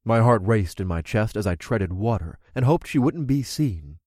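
A man narrating a first-person fantasy story in an expressive, conversational storytelling manner. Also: fairly low pitch, moderate pace, dry recording, studio quality. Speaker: audiobook narrator.

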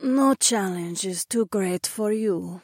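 A man voicing a drowsy, affectionate catwoman who speaks softly and slowly with a purr. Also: high voice, dry recording, clean studio sound, pitched above the performer's own voice, heavily acted. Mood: drowsy tender. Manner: soft, slow, purring. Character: drowsy affectionate catwoman, young adult woman.

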